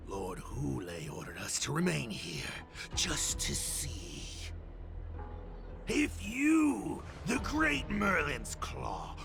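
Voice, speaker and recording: An actor playing a menacing, taunting male messenger of a wolf army in a video game, with a gravelly drawl. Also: medium pitch, exaggerated voice.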